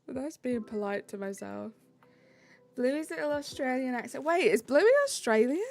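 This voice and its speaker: A woman's voice: high voice, expressive, normal speed, gravelly, a little mellow, faint music behind. A woman streamer chatting casually with her live chat, giggling and teasing herself as she reads messages. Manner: giggly, self-mocking, chatty.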